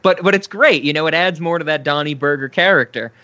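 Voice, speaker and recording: A man's voice: a little high, fast talker, sharp tone, no echo, lo-fi sound. A man co-hosting a casual film podcast, laughing often as he retells scenes. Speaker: podcast co-host.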